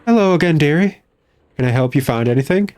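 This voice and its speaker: A man's voice: fairly high pitch, expressive, fast, a little mellow, clean tone, pitched above the performer's own voice, close to an everyday voice. A man voicing a prim woman librarian in a game who calls people dearie. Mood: sweet. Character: fussy middle-aged woman librarian, prim, secretive, easily rattled.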